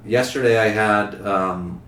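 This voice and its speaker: Speaking slowly in a fairly low but fairly bright voice, a young man hosts an informal podcast interview. He rambles playfully while questioning his guests, and the roomy recording carries a faint background hum.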